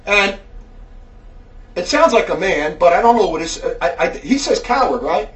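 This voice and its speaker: A man with a very high voice delivers a scolding, preachy rant straight at one viewer, hammering his points with repeated jabs. He sits a little back from the mic, so the sound is slightly distant. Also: big pitch swings, normal speed, a bit bright. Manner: berating, preachy, repeats taunts like "buddy boy". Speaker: religious commentator. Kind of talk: angry monologue addressed to a viewer.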